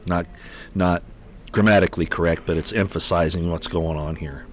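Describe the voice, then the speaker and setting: A man with a very low voice hosting a livestream. He rambles off the cuff, stumbling and restarting with repeated words, and sounds exasperated. He is on a computer mic. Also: fairly even intonation, normal speed, faint music behind. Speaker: livestream host. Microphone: computer mic on an unsteady connection.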